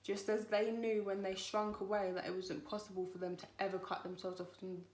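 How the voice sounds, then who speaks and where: A woman's voice: medium pitch, level tone, brisk, darkish tone. Chatty woman tarot reader, echoey room. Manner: chatty, rambling, reassuring. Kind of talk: spiritual tarot reading.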